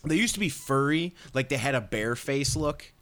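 A man co-hosting a casual podcast, sarcastic and deadpan, swearing often as he jokes. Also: medium pitch, normal speed. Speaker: podcast co-host. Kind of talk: casual chat.

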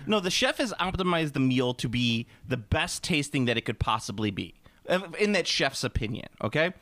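Guy ranting and cussing on a podcast, bouncy pitch, dry mic. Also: normal speed, dry recording. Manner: animated ranting, swears often. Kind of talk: casual podcast chat.

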